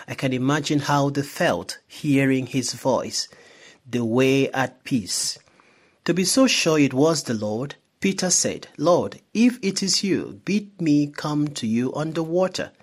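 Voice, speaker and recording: Man giving a measured Sunday homily. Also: mid-range voice. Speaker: priest.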